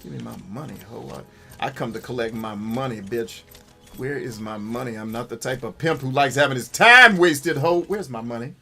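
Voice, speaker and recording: A man's voice: medium pitch, normal speed, creaky, bright, forceful tone, husky, faint music behind, heavily acted. A man voicing a swaggering adult male pimp in a video game, demanding his money with profane, repeated insults. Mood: menacing.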